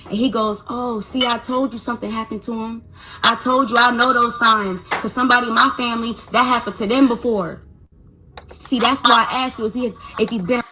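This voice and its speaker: A woman's voice: a little high, steady tone, fairly quick, bright, forceful tone, slight background noise. A mother telling a personal story, stammering as she repeats back what was said to her. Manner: stammering, retells dialogue.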